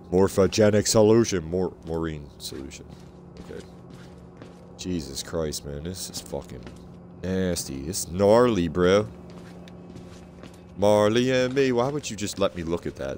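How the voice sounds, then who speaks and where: A man's voice: deep voice, a little mellow, slight background noise. A man giving let's play commentary over a horror game, sarcastic and profane, easily grossed out. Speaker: gaming video creator.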